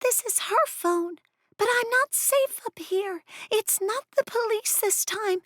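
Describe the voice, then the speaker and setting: A tiny goblin girl whispers in a thin, squeaking voice, very high and drawn out slowly. Her voice sits far above the narrator's own, hushed and tight, like an audiobook creature voice. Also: no room sound, studio quality, exaggerated voice. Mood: frightened whisper. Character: goblin girl, small and frightened.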